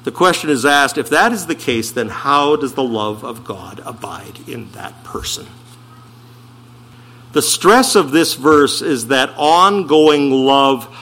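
A man preaching a sermon as pastor, stressing slowed phrases and asking rhetorical questions. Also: medium pitch, expressive, a bit bright.

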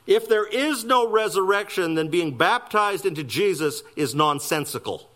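A man preaching a sermon, emphatic with wry asides. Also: a bit bright. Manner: emphatic preaching with wide swings of pitch and pace, wry asides. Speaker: pastor.

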